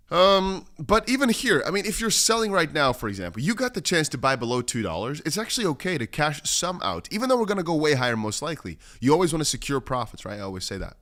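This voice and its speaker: A man's voice: a little high, a bit bright. A man hosting a casual crypto livestream, rambling through chart commentary and reading viewer comments aloud. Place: home studio in Dubai.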